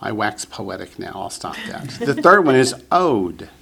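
A man teaching a Hebrew vocabulary lesson to a class, patient and slow, repeating each word for the students. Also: lowish voice, sing-song, gravelly, sharp tone.

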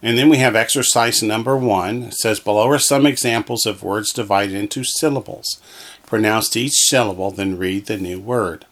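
A man teaches from a workbook, reading each exercise aloud and patiently sounding out every syllable before blending it into a whole word. His voice sits low and carries a gravelly rasp, and he takes his time. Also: unhurried. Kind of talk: slow textbook reading lesson.

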